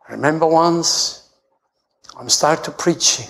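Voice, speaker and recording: Italian-accented pastor man preaching loudly. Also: unhurried, long pauses. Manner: shouts and rises to high pitch when preaching; broken English, storytelling with humor. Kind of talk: sermon.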